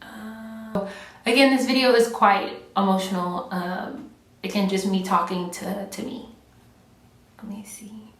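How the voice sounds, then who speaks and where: A woman's voice: mid-range voice, fairly even intonation, measured pace, slight background noise. A woman chatting casually while doing her makeup, rambling and filling her talk with "like" and "right.". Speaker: beauty vlogger. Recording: echoey room, mic at a distance.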